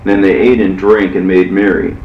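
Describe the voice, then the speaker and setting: A man narrating an ancient religious text in a measured, solemn way, heard from far off in an echoey space. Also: low voice, level tone, muffled recording, a little hiss or hum. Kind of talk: scripture reading.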